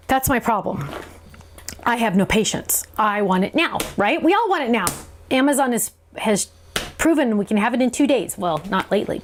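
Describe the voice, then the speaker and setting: A woman's voice: fairly high pitch, slight background noise. A woman hosting a live craft show, answering viewer questions in a chatty, bubbly way and laughing often. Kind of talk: live stream Q&A chat.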